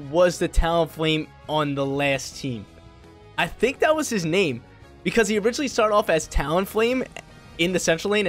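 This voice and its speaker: A young man narrates his own gameplay as it happens, talking casually in gamer slang. His voice sits mid-range, and he keeps breaking into loud, hyped shouts. Faint music plays underneath. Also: medium pitch. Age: young adult. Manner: excitable, slangy, bursts into loud hype. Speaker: gaming video creator. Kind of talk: live gameplay commentary.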